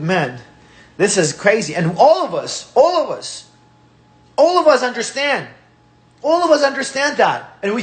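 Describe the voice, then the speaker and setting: Russian-accented guy on his channel, high voice, swearing and ranting hard, repeats himself a lot. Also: a bit bright. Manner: profane, repetitive, ranting. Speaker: channel host. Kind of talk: heated political rant.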